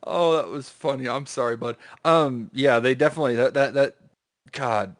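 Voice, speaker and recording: A man's voice: medium pitch, normal speed, no echo, clean studio sound. A man hosting a casual podcast chat, telling a funny story with laughter. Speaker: podcast host.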